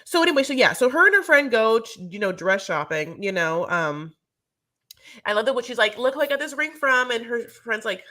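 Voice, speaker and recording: A woman co-hosting a podcast, recapping a reality show in casual chat as an animated, rambling storyteller. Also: fairly high pitch, normal speed. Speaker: podcast co-host.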